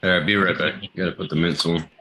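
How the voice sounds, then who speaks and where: A man's voice: low-pitched, steady tone, fast talker, bright, forceful tone, a little hiss or hum. A man with an American accent, crude and laid-back, chatting casually on a podcast while tipsy.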